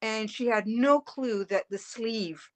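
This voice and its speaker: A middle-aged woman, a family caregiver, telling her story as a guest in earnest, animated detail with many fillers. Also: fairly high pitch, takes it slowly. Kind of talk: emotional personal storytelling.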